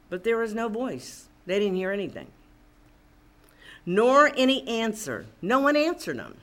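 A woman's voice: fairly high pitch, big pitch swings, a little slow, a bit bright. A woman preaching a sermon, reading scripture aloud and commenting with rising emphasis.

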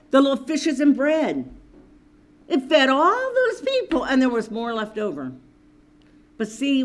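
A woman preaching a sermon, earnestly reading and explaining scripture to her listeners. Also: medium pitch.

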